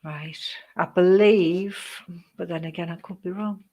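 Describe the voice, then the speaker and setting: A woman giving psychic readings on a live stream, chatty and rambling, greeting viewers by name, with many pauses and "um"s. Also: fairly low pitch, fairly even intonation, lo-fi sound. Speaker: psychic reader.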